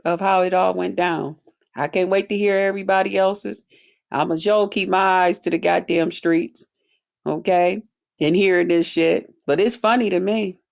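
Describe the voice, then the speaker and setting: A woman's voice: medium pitch, vocal fry. A woman hosting a livestream, bluntly ranting to her chat with heavy profanity and mocking drawled quotes. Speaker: livestream host. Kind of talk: profane commentary rant to chat.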